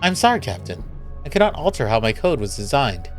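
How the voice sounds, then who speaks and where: A man's voice: medium pitch, brisk, soft background music, natural voice. A man reading the lines of a stubborn, formal emergency AI aboard a spaceship in a story game. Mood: dutiful. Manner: flat, formal, rule-bound. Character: calm stubborn ship AI assistant.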